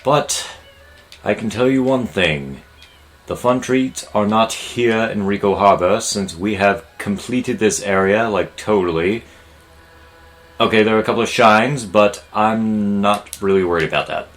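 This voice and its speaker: A young man hosting a let's play, chatting casually and rambling with jokes and loud outbursts at the game. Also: fairly low pitch, expressive, moderate pace. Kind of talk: casual gameplay commentary.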